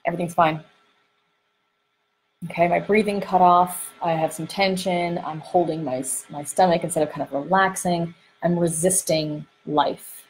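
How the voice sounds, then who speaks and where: A woman talks straight into a close microphone, coaching listeners on feelings and dating. Her voice sits a little low for a woman, and she acts out little inner voices as she explains. There is a faint hiss of background ambience under her. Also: moderate pace, poor audio. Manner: animated, acts out inner voices, frequent fillers. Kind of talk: podcast-style teaching monologue. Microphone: close microphone she bumps while gesturing.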